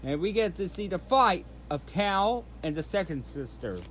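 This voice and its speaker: A man's voice: high voice, expressive, normal speed, fairly bright tone, slight background noise. A man hosting his channel, recapping in a casual, rambling way, often restarting and repeating himself. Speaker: channel host recapping a trailer.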